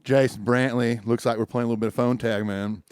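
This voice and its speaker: A man's voice: medium pitch, fairly even intonation, fairly quick, very noisy, close to an everyday voice. A man playing an easygoing man leaving casual phone messages. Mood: breezy. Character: laid-back grown man returning phone calls.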